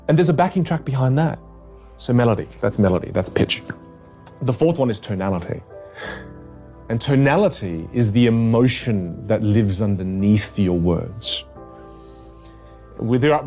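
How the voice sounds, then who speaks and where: A man working as a communication coach, explaining his ideas in a podcast conversation with energetic, emphatic repetition. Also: on the low side. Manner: energetic, emphatic, repeats key points.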